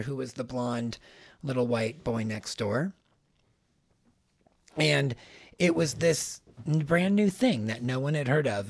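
Man, podcast co-host, rambling casual chat, gravelly, dry sound. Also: mid-range voice, no room sound. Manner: chatty, rambling, laughs easily. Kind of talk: casual chat about pop culture.

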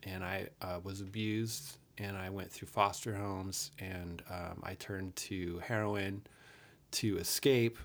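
A man in his fifties with a low, gravelly voice that crackles with fry. He recounts a painful chapter of his youth in a frank, earnest way. He swears casually as he talks. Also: fairly even intonation, takes it slowly, fairly bright tone. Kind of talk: candid personal storytelling.

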